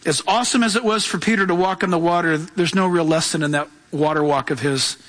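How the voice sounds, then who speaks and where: A man preaching as a pastor, emphatic and lively, acting out voices as he tells the story. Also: a little high, quick pace, big-room sound. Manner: emphatic, acts out voices in his telling. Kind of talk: sermon.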